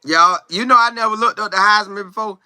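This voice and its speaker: Lively, bright-voiced man chatting with viewers. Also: high-pitched, fairly quick, no room sound. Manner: animated, chatty, sings and riffs, reads viewer comments aloud. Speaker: sports commentary streamer. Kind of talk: casual live-stream chat.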